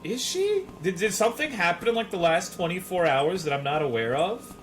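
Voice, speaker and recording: A man with a high-sitting voice talks fairly quickly while streaming a video game, with faint music behind him. His casual chat with viewers is full of profane jokes.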